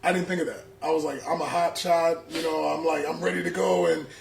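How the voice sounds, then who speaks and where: A man with a fairly high voice tells stories with lots of slang and acts out what people said. The sound is roomy and echoey, with faint noise underneath. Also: brisk, gravelly. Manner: animated, slangy, acts out quotes. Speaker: comedian guest. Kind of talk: casual storytelling.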